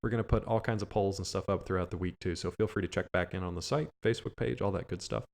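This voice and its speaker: A man's voice: low-pitched, quick pace, creaky, a little mellow. A man co-hosting a podcast, chatty, running through plugs and sign-offs with light jokes. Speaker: podcast co-host. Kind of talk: casual podcast chat.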